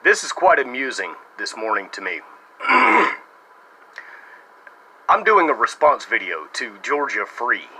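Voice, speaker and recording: A man's voice: mid-range voice, very animated, measured pace, long pauses, noisy background. An American man making a casual response video to camera, with a sarcastic, mocking manner. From United States. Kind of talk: casual talking-to-camera monologue.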